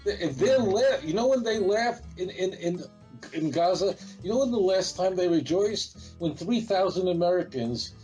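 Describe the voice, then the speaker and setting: A man's voice: high voice, expressive, moderate pace, dark tone, faint music behind, poor audio. A man, a rabbi speaking as an interview guest, talking in an emphatic, defiant, repetitive way. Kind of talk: heated interview talk.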